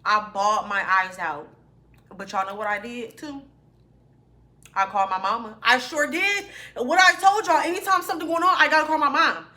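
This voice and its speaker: A woman's voice: fairly high pitch, normal speed, bright, forceful tone. A young woman, telling a personal story to her viewers in a chatty, informal way. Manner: chatty, addresses viewers as y'all. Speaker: vlogger. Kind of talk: storytime vlog.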